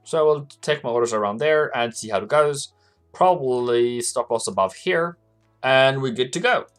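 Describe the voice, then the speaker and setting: A man's voice: mid-range voice, normal speed, fairly bright tone, faint music behind. A man hosting a live forex trading stream, chatting casually with viewers and laughing often as he talks through charts. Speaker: forex trading livestream host.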